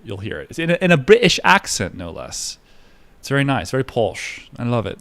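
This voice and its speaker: A man's voice: medium pitch, sing-song, fairly quick, a bit bright. A man chatting casually on a live stream while trading, rambling and profane, with lots of filler words. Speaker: livestreamer trading stocks.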